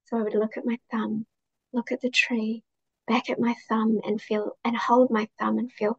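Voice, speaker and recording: A woman who sounds to be in her thirties answers interview questions in a gentle, heartfelt, reflective and unhurried way. Her voice is set a little high and held fairly level, with a gravelly, slightly rough texture. The recording has its highs cut off.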